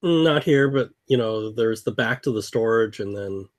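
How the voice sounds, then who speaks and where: A man's voice: lowish voice, moderate pace, no room sound. Man, game master, casual narration, repeats himself, dry sound. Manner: loose, casual, repeats words.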